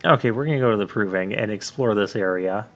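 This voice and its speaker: A man's voice: fairly low pitch, fast talker, fairly bright tone, muffled recording. A man hosting a let's play, giving chatty, joking, rambling commentary over recorded gameplay.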